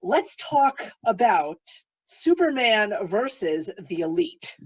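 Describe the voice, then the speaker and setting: A woman's voice: medium pitch, big pitch swings, slow, low-quality recording. A woman co-hosting a casual film review chat, playful and teasing. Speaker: co-host of a film review show.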